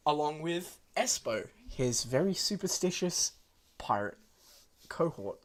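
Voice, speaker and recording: A woman's voice: deep voice, big pitch swings, measured pace. An Australian woman running a tabletop game as game master, swearing casually and laughing often.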